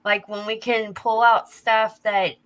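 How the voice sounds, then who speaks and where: A woman with a bright, clear voice co-hosts the talk. She speaks casually and openly about herself. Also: on the high side, level tone, slow. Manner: open, candid about herself. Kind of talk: casual chat.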